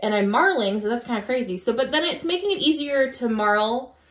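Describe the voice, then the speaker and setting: Relaxed woman co-host in an echoey room. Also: on the high side, fairly quick. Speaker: podcast co-host. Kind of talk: casual chat about knitting.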